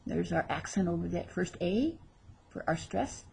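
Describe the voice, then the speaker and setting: A woman's voice: medium pitch, very animated, normal speed, gravelly, mellow, husky. A woman teaching a recorded language lesson, patiently repeating each word for her learners, with a light touch of self-teasing humor. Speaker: Spanish teacher.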